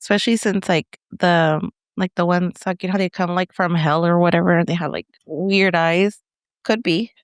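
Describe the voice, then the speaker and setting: A woman's voice: on the low side, steady tone, moderate pace, dry recording, clean studio sound. A woman co-hosting a casual podcast, laid-back and giggly, with lots of filler words.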